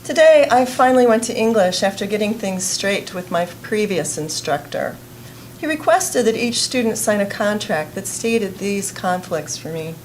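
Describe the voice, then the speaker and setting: A woman's voice: mid-range voice, animated, normal speed, a little hiss or hum, rough recording. A woman student recounting a frustrating class in a personal vlog.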